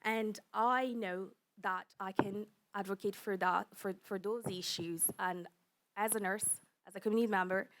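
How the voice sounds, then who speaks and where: A woman who is losing her voice gives an earnest, halting answer as a candidate at a debate. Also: medium pitch, fairly even intonation, fairly bright tone, slight background noise. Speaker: election candidate. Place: community debate hall.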